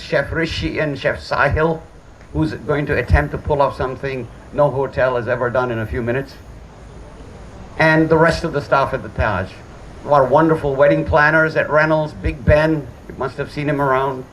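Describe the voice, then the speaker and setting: A man's voice: on the high side, a bit bright, slight background noise, rough recording. A middle-aged man giving a father of the bride speech at a hotel wedding reception, joking and poking fun at himself. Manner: joking, self-deprecating.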